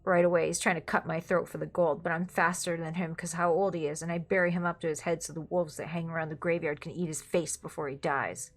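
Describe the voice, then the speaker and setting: A woman reading a dark comic story aloud in a wry, deadpan manner. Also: low voice, quick pace, hardly any pauses. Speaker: story reader.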